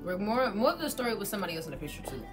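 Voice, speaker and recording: A young woman vlogger telling a storytime with her girlfriend, loud and slangy, laughing often. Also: medium pitch, very animated, very fast, over music. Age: young adult. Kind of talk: casual storytime chat.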